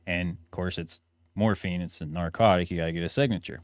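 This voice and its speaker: Lower-voiced man telling stories. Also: fairly quick, no room sound, clean studio sound. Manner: animated anecdote teller, swears casually. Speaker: podcast co-host. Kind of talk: casual chat.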